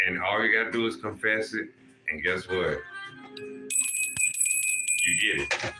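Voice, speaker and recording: A man's voice: fairly low pitch, normal speed, long pauses, echoey room, over music. A man hosting a livestream, lecturing his viewers in a profane, preachy way and calling out to people in the chat. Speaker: livestream host.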